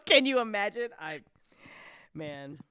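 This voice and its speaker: Giggly animated woman host. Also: medium pitch, slow pace, clear, resonant tone, no echo. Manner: giggly, animated, frequent laughter. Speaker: host and show creator. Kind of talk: casual chat after a live listen party.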